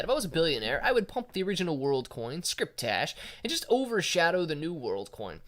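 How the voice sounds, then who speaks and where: Male stream host, casual chat, lively swinging pitch, says dude and man a lot. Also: brisk, few pauses. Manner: loose and chatty, calls viewers dude and man. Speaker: livestream host reading viewer chat.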